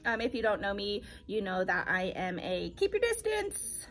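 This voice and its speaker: A young woman and teacher, telling her story casually in a vlog, animated and repeating phrases for emphasis. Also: medium pitch, moderate pace, faint music behind.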